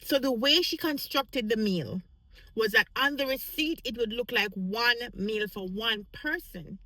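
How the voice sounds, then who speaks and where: A woman's voice: on the high side, a little slow, no room sound, rough recording. A woman vlogger telling a casual work story, acting out the voices of the people in it. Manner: animated, acts out quoted voices.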